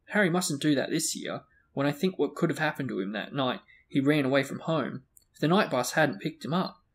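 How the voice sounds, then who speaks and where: A man's voice: on the high side, lively intonation, a little fast. A man reading aloud, voicing an earnest middle-aged father who speaks casually and grows heated.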